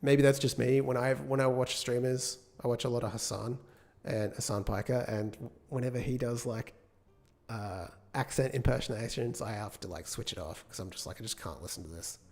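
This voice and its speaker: A man's voice: mid-range voice, normal speed, a little mellow. A man gives casual live-coding commentary as a game developer, thinking aloud, correcting himself and chatting with viewers. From United Kingdom. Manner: chats with viewers between tasks.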